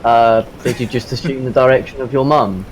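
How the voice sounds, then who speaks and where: A man's voice: mid-range voice, fairly even intonation, brisk, a little hiss or hum, rough recording. A man bantering and teasing his friend during a live stream.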